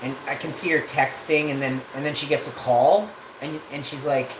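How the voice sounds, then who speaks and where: A man's voice: medium pitch, fairly even intonation, moderate pace. A man, a live streamer telling a casual, rambling and profane story. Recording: echoey room with background noise.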